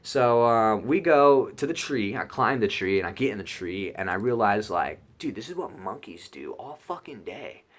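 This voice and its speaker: A man's voice: fairly low pitch, normal speed, hardly any pauses. Young dude rambling his trip story, swears a ton, voice jumps all over, lots of likes and ums. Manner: excitable, heavy swearing, lots of fillers. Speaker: YouTuber telling a trip story. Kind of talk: casual storytelling vlog.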